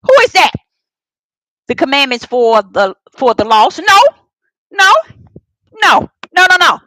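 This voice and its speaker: A high-voiced woman preaching to a live online audience, her pitch leaping and sinking as she goes. Her tone is bright and sharp, and she stresses points by repeating words, moving from loud cries down to near-whispers. The sound is close and dry. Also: big pitch swings, measured pace, no echo, low-quality recording. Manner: emphatic, repeats words, swings from shouts to soft murmurs; talks directly to the live chat audience. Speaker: preacher teaching a live-streamed Bible study. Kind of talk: preaching Bible study.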